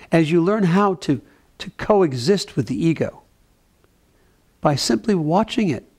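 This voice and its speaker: A man giving a gentle, conversational mindfulness talk with playful asides. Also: fairly high pitch, vocal fry. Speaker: spiritual teacher.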